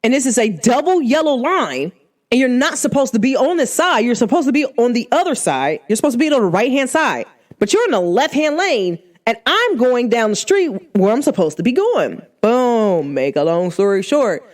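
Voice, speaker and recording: Lively, emphatic woman telling a story. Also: normal speed. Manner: animated, emphatic, punctuates with "boom". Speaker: podcast host. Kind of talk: storytelling monologue.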